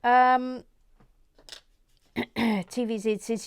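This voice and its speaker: A woman hosting a relaxed Lego building video, chatting casually and muttering softly to herself with self-mocking asides. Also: medium pitch, unhurried, no echo, studio quality. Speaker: host building a Lego model. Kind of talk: casual chat while building.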